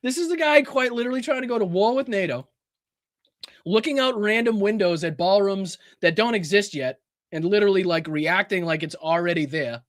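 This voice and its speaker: Brief: male podcast host, high-pitched, dry close sound, casual incredulous commentary, swears freely. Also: expressive, fairly quick, no echo. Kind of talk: casual political commentary reacting to clips.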